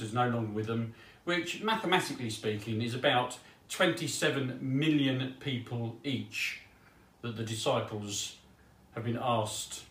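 A man giving a sermon in a relaxed, chatty way with small humorous asides. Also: medium pitch. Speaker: preacher. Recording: echoey room heard from a distance.

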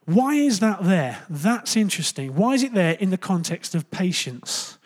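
A man's voice: high-pitched, normal speed. Chatty, joking young preacher man. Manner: chatty and jokey, full of fillers and self-corrections; animated, jumps into loud playful asides. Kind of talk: casual conversational sermon.

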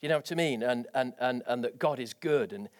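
A man preaching a sermon, energetic and animated, with rising exclamations. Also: mid-range voice, a little fast. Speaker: pastor.

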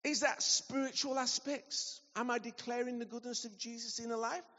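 A man giving a sermon, telling a story with lively acted-out dialogue. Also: very high-pitched, normal speed. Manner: animated storytelling, acting out dialogue. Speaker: preacher. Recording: dull recording in a large reverberant hall.

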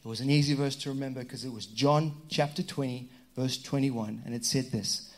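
A man's voice: mid-range voice, fairly quick. Fervent middle-aged male pastor preaching. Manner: emphatic call-and-response preaching, rising and dropping in force; jokey asides to the congregation. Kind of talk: sermon. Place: church stage before a congregation.

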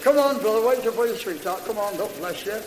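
A man's voice: high voice, animated, quick pace. A man leading a revival meeting in a large hall, calling out praises exuberantly. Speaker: meeting leader. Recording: echoey hall, crowd and hiss.

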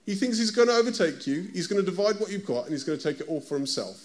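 British guy giving a sermon, slightly high voice, chatty, keeps asking the crowd questions. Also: expressive, fast. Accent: British English. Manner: conversational preaching, asks the listeners direct questions. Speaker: preacher.

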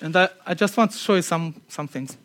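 High-voiced man preaching conversationally. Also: brisk. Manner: chatty and earnest, laughs at himself, drops to a quiet tone for emphasis. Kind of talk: conversational sermon.

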